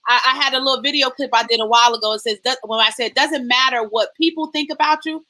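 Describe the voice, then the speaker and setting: A woman hosting a faith-based live stream, reading out viewer comments with lively, sing-song greetings. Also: sits high, fast, rough recording. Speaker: host.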